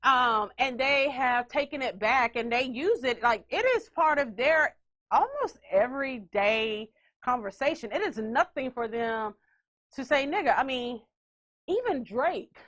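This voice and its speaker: A woman hosting a podcast, telling stories in a loud, animated way with playful asides. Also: high voice, unhurried. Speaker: podcast host. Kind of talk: casual chat.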